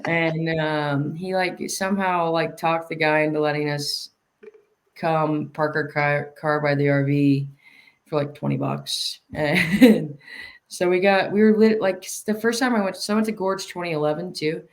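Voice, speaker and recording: Chatty woman with a gravelly voice. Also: low-pitched, steady tone, a little slow. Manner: chatty, laughs often, trails off in restarts. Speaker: podcast guest. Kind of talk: casual chat.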